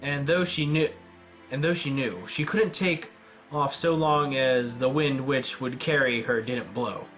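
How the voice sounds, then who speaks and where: A man reading a visual novel aloud dramatically, with deadpan joking asides. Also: medium pitch, measured pace, faint music behind. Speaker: let's player.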